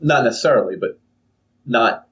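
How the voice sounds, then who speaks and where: A young man co-hosts a casual podcast chat, rambling through a story and doing silly voices. He speaks with medium pitch, lively intonation, and moderate pace, captured by a distant, dull lo-fi mic.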